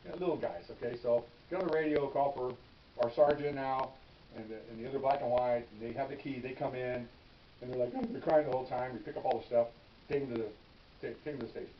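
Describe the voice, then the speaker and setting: An older man spins police stories at a brisk clip, animated and casual, often restarting phrases and tossing in "okay?". His voice sits back from the mic in a roomy space, with a dull, slightly lo-fi sound and a faint hiss underneath. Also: mid-range voice. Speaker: veteran police officer telling stories. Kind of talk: casual storytelling. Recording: echoey room, distant mic, dull and hissy.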